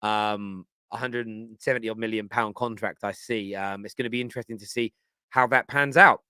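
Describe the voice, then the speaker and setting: Bright, crisp man hosting a stream. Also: lowish voice, steady tone, brisk, no echo, clean studio sound. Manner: enthusiastic, chatty, reads viewer comments aloud. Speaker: football show host. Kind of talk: live fan reaction stream.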